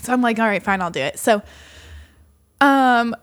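A woman's voice: fairly high pitch, normal speed, a little hiss or hum. A young woman co-hosting a podcast, telling dating stories in casual chat and acting out both sides of the dialogue. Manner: animated, acts out dialogue with lots of "like". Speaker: podcast co-host.

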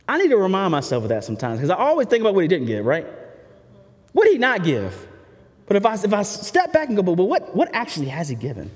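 A man with a high-sitting, slightly mellow voice preaches a sermon in a reverberant hall. His delivery is candid and conversational, with frequent asides to the listeners.

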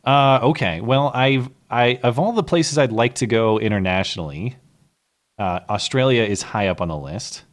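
A man's voice: mid-range voice, normal speed. A man hosting a live call-in show, chatting casually with callers and making sarcastic asides. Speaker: show host.

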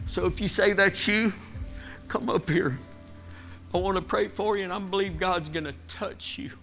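A man's voice: sits high, fairly even intonation, normal speed, vocal fry, sharp tone, faint music behind. A middle-aged man preaching a sermon in a church, earnest and emotional, rising and pressing as he is stirred. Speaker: guest preacher. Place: church sanctuary.

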